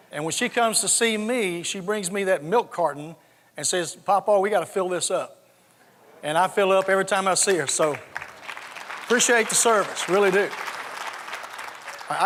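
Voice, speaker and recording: A man's voice: high voice, fairly bright tone. An older man from South Georgia with a Southern accent, telling humorous stories as a conference speaker. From South Georgia, USA. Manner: folksy, humorous storyteller. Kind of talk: storytelling keynote with jokes. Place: large conference hall. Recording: long hall reverb.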